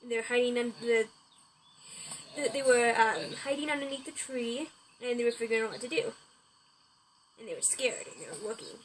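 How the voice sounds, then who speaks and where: A woman's voice: on the high side, brisk, pauses often, slight background noise, poor audio. Rambling woman telling a story. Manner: rambling, with restarts and "he's like". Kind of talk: improvised story narration.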